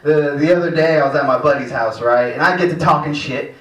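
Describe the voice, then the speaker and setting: A man's voice: a little high, a bit bright. A man doing a brash, crude stand-up set in a small cafe room. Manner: brash, crude, bursts of quick talk. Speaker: stand-up comedian. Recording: roomy, distant, noisy.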